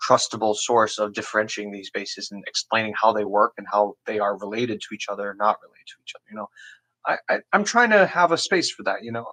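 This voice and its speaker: Low-voiced young man rambling through a beatbox lesson. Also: sharp tone, rough recording. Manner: rambling, frequent "you know" and "like"; clears his throat often. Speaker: beatbox teacher. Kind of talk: casual livestream explanation.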